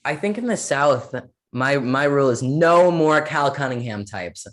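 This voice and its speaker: Rambling, sarcastic young guest, many fillers. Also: male voice, mid-range voice, lively intonation, measured pace. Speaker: interview guest. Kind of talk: casual podcast interview.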